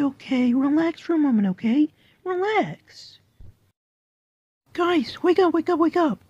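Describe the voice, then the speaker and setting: A woman's voice: high-pitched, warm tone, dry recording. A woman voicing a goofy, rambling male cartoon cat who talks in a jumpy, silly way, heard on a dull lo-fi recording. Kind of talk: cartoon voice acting.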